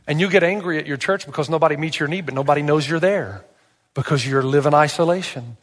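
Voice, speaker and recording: A man's voice: a little high, quick pace, big-room sound. A male pastor preaching a sermon, telling stories with animation and asking emphatic rhetorical questions.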